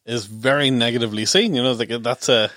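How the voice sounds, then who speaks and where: A man's voice: medium pitch, fairly even intonation, fast, fairly bright tone, no echo, clean studio sound. A man co-hosting a podcast in casual chat, thoughtful and a little rambling. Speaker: podcast co-host.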